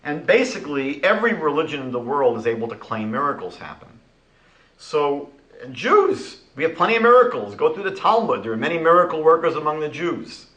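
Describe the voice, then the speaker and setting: Guy giving a rabbi's lecture, punchy bright voice, lots of room echo. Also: fairly high pitch, brisk, dull audio. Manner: animated, rhetorical, retells conversations.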